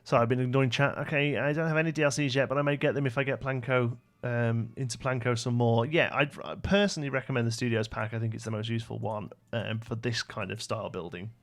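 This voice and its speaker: A young British man talks casually through a game livestream, rambling and muttering as he works and answering viewers' questions. His mid-pitched voice has a gravelly, creaky edge. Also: fairly even intonation, quick pace, hardly any pauses. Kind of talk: casual live-stream chat while building.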